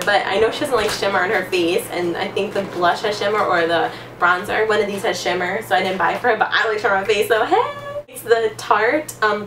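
Gushing young woman with excited gasps. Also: fairly high pitch, reverberant, recorded from a distance, background noise. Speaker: beauty vlogger. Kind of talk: casual makeup swap unboxing.

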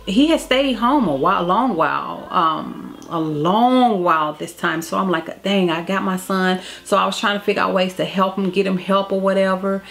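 A woman telling a personal family story to her vlog viewers in a candid, emotional way, often repeating phrases. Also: mid-range voice. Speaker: vlogger. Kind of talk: casual storytime to camera.

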